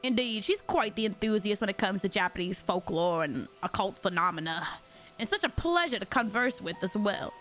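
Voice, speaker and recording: A woman's voice: mid-range voice, lively intonation, normal speed, fairly bright tone, faint music behind, voice pushed down, lightly acted. A woman voicing a flamboyant, pompous male fantasy writer in a fake Southern drawl, reading game dialogue aloud. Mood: theatrical. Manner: theatrical, grandiose.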